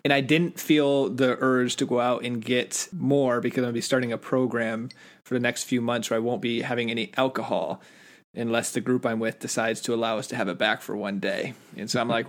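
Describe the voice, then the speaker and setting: A man's voice: medium pitch, little pitch movement, fairly quick. A man hosting a podcast in casual chat, rambling and laughing often. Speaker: podcast host.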